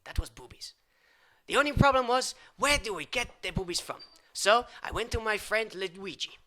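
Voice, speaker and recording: Male improv comic: high, very bright voice, rambling absurd patter with mock-foreign phrasing. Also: lively intonation, moderate pace, slight background noise. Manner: rambling absurd patter, swinging from loud outbursts to whispers. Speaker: improv comedian.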